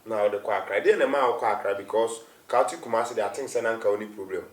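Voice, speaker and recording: A man's voice: fairly low pitch, racing, reverberant, recorded from a distance. A man hosting a conversational interview, prompting with short responses and laughing along. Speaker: interview host.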